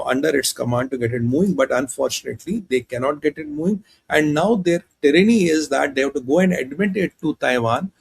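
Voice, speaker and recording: A man hosting a show of opinionated geopolitical commentary, who talks in an animated way and acts out leaders in quoted dialogue. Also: a little high, creaky, husky. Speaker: host and commentator.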